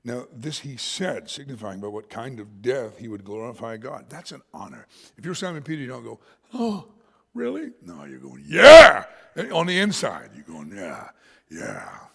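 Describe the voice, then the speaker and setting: A male pastor preaching a sermon, swinging from shouts to whispers and laughing often. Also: medium pitch, big pitch swings, fairly quick, creaky, hardly any pauses, husky, long reverb tail. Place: church sanctuary.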